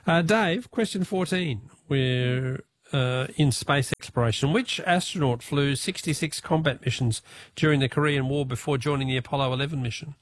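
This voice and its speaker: A jovial, chatty Australian man hosting a radio quiz and talkback show. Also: mid-range voice. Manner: jovial, chatty, quick to laugh.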